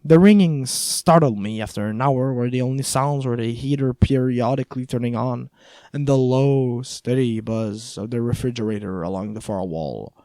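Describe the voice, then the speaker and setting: Guy narrating an audiobook, wry and chatty, warm mellow voice, dry close recording. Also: medium pitch, moderate pace, no echo. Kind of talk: first-person audiobook narration.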